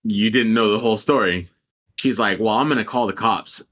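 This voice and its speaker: A man's voice: fairly low pitch, fairly quick, fairly bright tone. A young man casually telling a rambling, profane story and quoting people animatedly as a podcast co-host.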